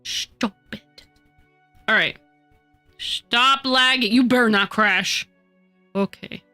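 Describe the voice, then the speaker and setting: Exasperated high-voiced woman streamer. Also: slow, clean tone, faint music behind. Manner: scolds her software in exasperated outbursts. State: stuffy nose from a cold. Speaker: VTuber streamer. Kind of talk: casual live-stream chatter while 3D modeling.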